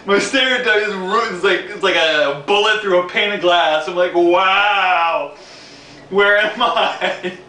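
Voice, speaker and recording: A vlogger from the New York City area tells a casual, rambling story, repeating words and laughing as he goes. His slightly high voice is bright and forceful. The recording is echoey and distant from the mic, with a faint hiss.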